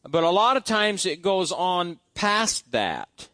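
A man's voice: high-pitched, very animated, slow pace, a bit bright, no room sound, studio quality. A man preaching a sermon in a church, talking in a conversational way and asking the congregation questions. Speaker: pastor.

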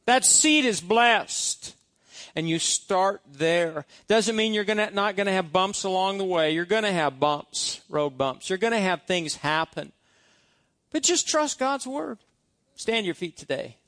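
A man's voice: high-pitched, unhurried, a bit bright, dry recording. A male pastor preaching a sermon, reciting scripture-based blessing prayers with emphasis. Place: church.

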